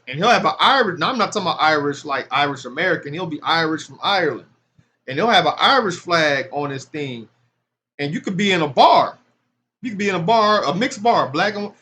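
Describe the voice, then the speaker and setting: A man with a sharp tone and fairly high pitch gives casual, impassioned scripture commentary. What begins as loose street speech swells into forceful, emphatic preaching.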